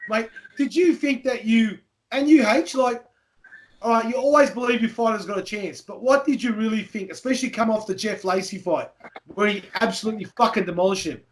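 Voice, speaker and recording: High-pitched host, animated and profane. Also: male voice, a little fast. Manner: animated, profane, acts out voices in his anecdotes. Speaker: podcast host. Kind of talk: casual chat, storytelling.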